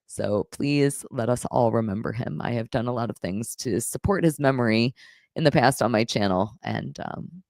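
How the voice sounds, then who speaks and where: Low-voiced profane woman streamer, dry sound. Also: moderate pace, gravelly, a little mellow, no echo. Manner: blunt, profane, reads viewer messages aloud. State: emotional. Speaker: live stream host reading super chats. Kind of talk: casual live stream chat.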